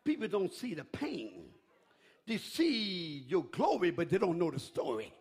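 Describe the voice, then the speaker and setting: Male preacher hollering a sermon, high and husky, voice all over the place, aave. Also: wildly swooping pitch, a little slow. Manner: shouting, whooping preaching with call-and-response.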